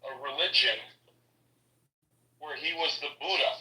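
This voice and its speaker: A man's voice: on the high side, unhurried, pushed and bright. A man co-hosting a podcast, blunt and teasing in casual chat. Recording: echoey room, far from mic.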